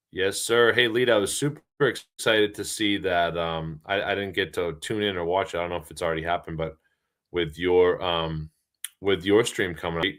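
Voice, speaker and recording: A man with a low, deep voice chats casually on a livestream. He rambles along easily, with plenty of ums and you-knows. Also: a bit bright. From Boston area, US. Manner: easygoing, rambling, many fillers. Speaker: livestream co-host.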